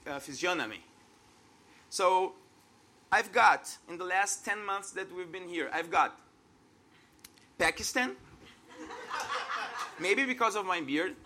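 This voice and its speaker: A man in his thirties speaks with a Brazilian Portuguese accent, his voice high and bright. He preaches a sermon at an unhurried pace, earnest and conversational, and a faint room ambience hangs behind him. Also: slight background noise. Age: 30s. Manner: earnest, conversational, laughs at himself.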